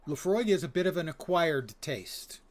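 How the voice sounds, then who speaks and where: A man's voice: fairly high pitch, animated, moderate pace. An older man streaming a fantasy game, chatting casually with dry, digressive humor. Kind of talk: casual chat while playing.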